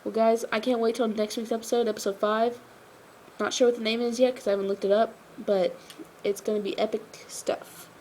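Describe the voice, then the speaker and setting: A woman's voice: a little high, flat delivery, a little fast, darkish tone, a little hiss or hum. A tired woman talking through an episode review in a casual, rambling way, filling her sentences with "like" and "you know".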